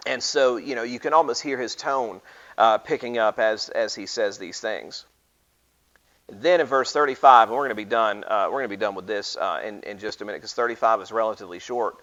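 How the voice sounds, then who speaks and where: A man's voice: lowish voice, brisk, a bit bright, muffled recording. A man leading an informal Bible study, talking casually with frequent restarts and reading scripture aloud.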